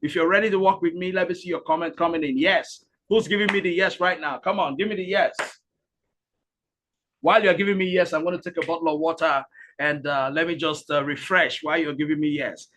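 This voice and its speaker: A man hosting a live webinar, energetic and repetitive, urging the audience to type into the comments. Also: fairly high pitch, fast, a little hiss or hum. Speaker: webinar host and speaker.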